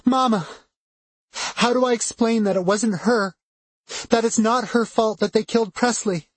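A man voicing a distraught young woman who is crying and pleading in a high, breaking voice. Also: a little slow, slightly rough, no room sound. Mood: tearful.

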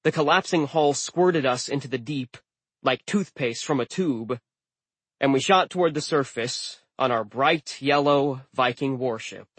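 A man's voice: medium pitch, unhurried, a bit bright, husky, dry recording. A man narrating a story in the first person with a dry, wry manner. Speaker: audiobook narrator.

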